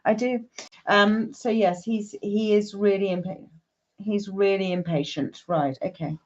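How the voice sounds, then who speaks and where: A woman's voice: medium pitch, fairly even intonation, measured pace. A woman with a mid-range voice, hosting a live-stream reading in an easy, chatty way. She greets viewers one by one. The sound is dull and lo-fi, like stream audio. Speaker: psychic medium.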